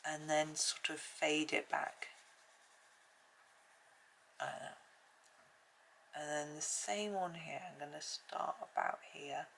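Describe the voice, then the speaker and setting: A woman's voice: sits low, vocal fry, slight background noise. A woman hosting a colouring channel at home, chatting and thinking aloud as she works through a casual tutorial.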